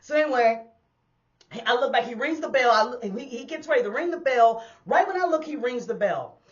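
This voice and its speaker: A woman who used to drive buses tells a personal street story in a casual, animated way, talking straight to her listeners and acting out the sounds. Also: on the high side, brisk, dull audio. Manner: animated, addresses listeners as y'all, acts out sounds. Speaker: storyteller and former bus driver. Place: indoors on a hot day.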